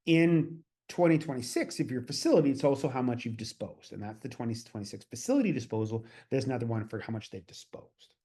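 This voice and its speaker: A man's voice: mid-range voice, fast talker, hardly any pauses, mellow. A man from Canada presenting a webinar as a consultant, with a casual, chatty delivery full of fillers and asides.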